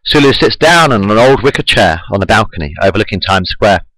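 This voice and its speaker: A man's voice: fairly low pitch, brisk, no room sound, low-quality recording. A man reading his own fan fiction aloud into a webcam at home, repeating lines as he goes. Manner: animated storytelling, repeats lines.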